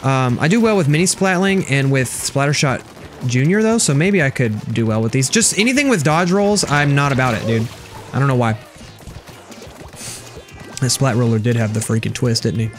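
A young man talks casually through a livestream of a game, blunt and sarcastic as he answers chat. His voice sits at an ordinary middle pitch. Faint game music plays under his voice. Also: expressive, moderate pace. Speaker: game streamer. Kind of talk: casual gameplay commentary reading chat.

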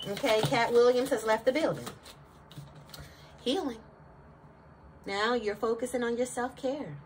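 A woman's voice: a little high, a little slow, pauses often. A woman giving a casual tarot reading, sassy and slangy, talking straight to her viewers. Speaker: tarot reader. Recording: distant mic with clear background noise.

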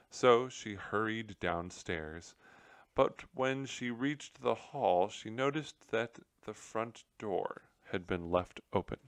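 A man narrates a children's book aloud in a gentle storytelling manner. His voice is deep and his pace slow. The sound is dry and close. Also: expressive, no echo.

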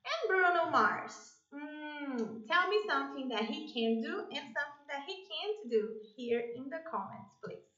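A woman's voice: high voice, lively intonation, a little slow, hardly any pauses, sharp tone, roomy sound, far from the mic, dull audio. A woman with a Brazilian Portuguese accent teaching a basic English lesson, encouraging and switching into Portuguese to translate.

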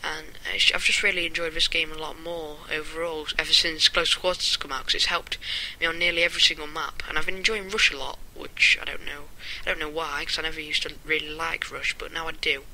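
A man talks over his gameplay in a loose, rambling way and keeps breaking into chuckles. His voice sits a little high and rings very bright and sharp. There is a faint hum behind him. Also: flat delivery, fairly quick, vocal fry, hardly any pauses, rough recording. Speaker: gameplay commentator. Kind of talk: casual gameplay commentary.

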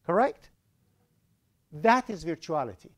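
A man's voice: fairly high pitch, very animated, measured pace. A man with an Iranian accent lecturing a university class, explaining ideas through everyday examples and often asking whether students follow.

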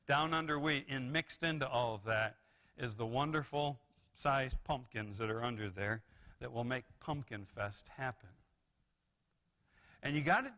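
Bright-voiced, animated male pastor preaching. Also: fairly high pitch. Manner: animated preaching with rises and repeated restarts. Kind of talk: sermon. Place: church sanctuary.

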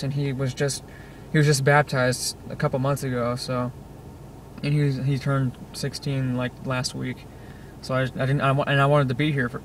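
A man's voice: mid-range voice, distant mic. A teenage boy rambling and venting in a casual video diary, filming himself in his parked car with many restarts. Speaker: vlogger. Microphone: handheld camera set on dashboard. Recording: car interior with outside noise. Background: car and traffic noise.

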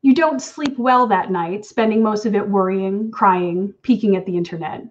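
A woman's voice: medium pitch, normal speed, muffled recording, a little hiss or hum. A woman author reading her own story aloud in an intimate, wry second-person voice. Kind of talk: reading fiction aloud at an online event.

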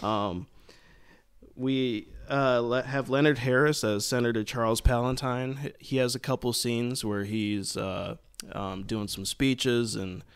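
A man's voice: medium pitch, steady tone, unhurried, smooth. Young male podcast host, casual and profane, frequent laughter, mid-range voice. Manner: laughs often, many restarts, loose and profane. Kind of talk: casual chat.

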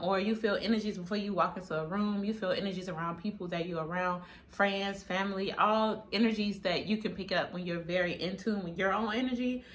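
A woman's voice: mid-range voice, slight background noise. Sassy, blunt young woman vlogger. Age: 20s. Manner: sassy, blunt, profane, animated. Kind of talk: casual talking-head vlog.

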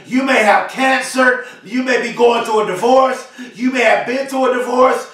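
A man giving a fiery, repetitive motivational speech, often shouting. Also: extremely high pitch, moderate pace, very echoey, distant mic. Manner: fiery, emphatic preaching cadence with repetition. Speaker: motivational speaker.

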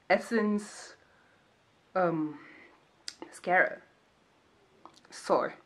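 A young woman chatting casually and jokingly while she does her makeup for a vlog. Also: deep voice. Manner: chatty, jokey, playful voices and asides. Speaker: vlogger. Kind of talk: casual get-to-know-me chat while doing makeup.

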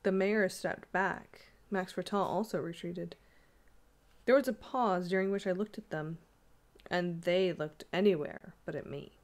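A woman reading a classic ghost story aloud in a measured, expressive way. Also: lowish voice.

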